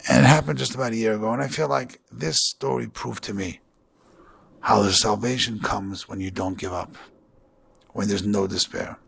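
Raspy rabbi guy, gravelly low voice, earnest sermon story. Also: steady tone, normal speed, fairly bright tone. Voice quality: gravelly, husky. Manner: earnest storytelling with Yiddish and Hebrew terms.

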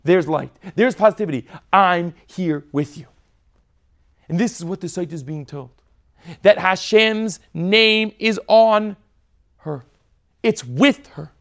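A man preaches a sermon, his voice sitting very high. There is a gravelly, crackly texture to his tone. He swings between hushed pleading and forceful emphasis. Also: slow, long pauses. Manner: impassioned preaching, shifting between soft and forceful. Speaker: rabbi.

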